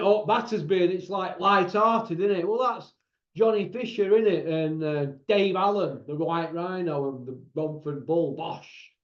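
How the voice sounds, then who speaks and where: High-voiced man ranting about boxing. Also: a little mellow. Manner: rambling, opinionated, constant tag questions. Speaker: boxing pundit and channel host. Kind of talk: casual monologue. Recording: roomy, dull lo-fi sound.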